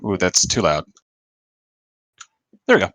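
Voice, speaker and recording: A man narrating as dungeon master in a tabletop game, halting and full of fillers. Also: sits low, wildly swooping pitch, a bit bright, no echo.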